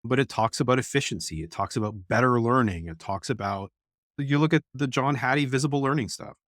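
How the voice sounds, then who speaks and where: A man's voice: medium pitch, brisk, fairly bright tone, no room sound, studio quality. A middle-aged man, an education professor, talking bluntly and candidly as an interview guest, telling stories from his classes. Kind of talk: casual conversational interview.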